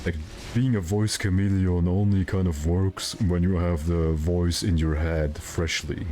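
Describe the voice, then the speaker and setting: A man's voice: deep voice, little pitch movement, unhurried, mellow. A male streamer chatting casually and rambling, with self-mocking jokes while he plays. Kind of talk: casual gaming stream chat.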